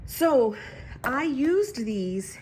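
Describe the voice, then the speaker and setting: A woman in her thirties chatting casually at home about her planner, excitable and talking to herself as she goes. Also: high voice, very slow, slight background noise, low-quality recording. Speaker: planner vlogger. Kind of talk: casual chat.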